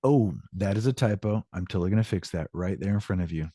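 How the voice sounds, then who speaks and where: A man's voice: deep voice, expressive, fast talker, warm tone, no room sound, studio quality. Chatty older man teaching class. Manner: chatty, upbeat explaining. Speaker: Spanish teacher. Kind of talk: classroom lesson.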